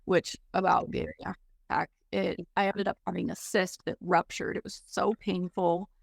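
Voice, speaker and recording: A woman's voice: fairly low pitch, fairly even intonation, moderate pace, vocal fry, dry recording, studio quality. A woman as an interview guest, telling a personal story candidly and emotionally, with many "like"s.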